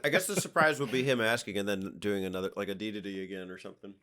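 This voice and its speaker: A man's voice: on the low side, rapid-fire, pushed and bright. A man co-hosting a podcast in a playful, teasing casual chat. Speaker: podcast co-host.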